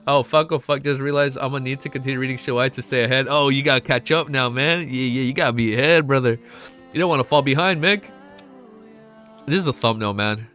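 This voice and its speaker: A young man streaming to his chat, excitable and emotional, swearing often and reading chat messages aloud. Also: medium pitch, fast talker, soft background music. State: emotional, close to tears. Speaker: streamer reacting to a web novel. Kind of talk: casual live-stream chat.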